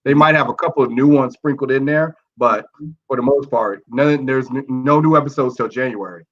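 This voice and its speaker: A man co-hosting a casual comic book podcast, speaking in a relaxed, measured way. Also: medium pitch, highs cut off. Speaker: podcast co-host.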